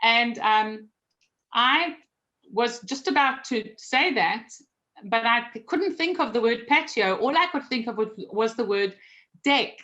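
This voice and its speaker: South African woman guest, higher voice, chatty and self-mocking, dull lo-fi recording. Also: animated, measured pace, bright, forceful tone. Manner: chatty, self-deprecating, laughs while telling stories. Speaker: guest, magazine publisher. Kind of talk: casual interview storytelling.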